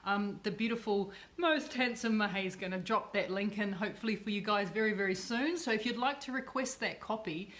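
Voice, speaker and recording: A woman's voice: medium pitch, a little fast, few pauses, a bit bright. A woman hosting a chatty livestream cooking demo, bubbly and effusive, often repeating herself. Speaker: cooking show host.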